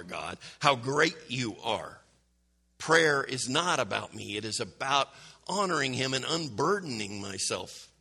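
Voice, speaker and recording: A man's voice: on the high side, pushed and bright, husky. A man preaching a conversational sermon, full of rhetorical questions and self-corrections. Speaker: pastor.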